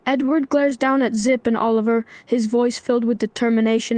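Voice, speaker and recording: A synthetic female voice giving scripted narration in an even manner. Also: fairly high pitch, brisk, few pauses, dry recording.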